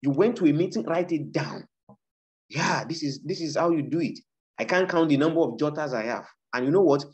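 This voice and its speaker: Speaking a little fast in an animated, fairly high voice, this Nigerian man promotes his book with sermon-like emphasis. He circles back to his points again and again to rouse listeners, captured in dull, lo-fi sound.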